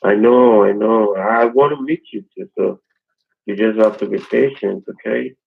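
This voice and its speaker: Man on the phone, gravelly and husky; hesitant delivery over a dull lo-fi line. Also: lowish voice, fairly even intonation, normal speed. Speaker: scammer on the call. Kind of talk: phone conversation.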